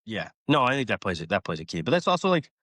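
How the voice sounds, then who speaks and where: A man's voice: fairly low pitch, very animated, fast talker, a bit bright, no echo, clean studio sound. A man, a college baseball coach, talking casually in a podcast interview, rambling with lots of fillers and acting out conversations.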